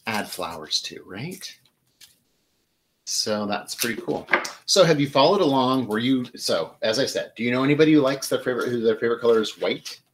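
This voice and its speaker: A man's voice: mid-range voice, background noise. Chatty man arranging flowers live. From Michigan. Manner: chatty, animated, talks to viewers while arranging flowers. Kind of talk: casual live demonstration.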